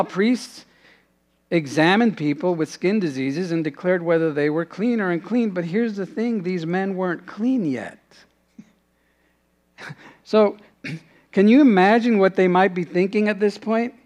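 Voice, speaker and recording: A man delivers a sermon in a notably high, light voice. He preaches earnestly and sinks to a hushed tone in prayerful moments. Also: unhurried, pauses often. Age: adult, father has passed away. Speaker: pastor.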